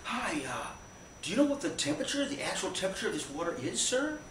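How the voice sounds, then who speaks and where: A storyteller voicing a giddy, spaced-out young man in a high, overexcited voice on a small stage. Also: very animated, quick pace, fairly bright tone, slight background noise. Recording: echoey live room from far off.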